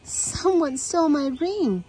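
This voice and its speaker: A woman's voice: a little high, moderate pace, slightly rough, soft background music, pitched above the performer's own voice, low-quality recording. A woman reading aloud, voicing an upset female hotel guest crying out about her lost ring. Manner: excited, crying out.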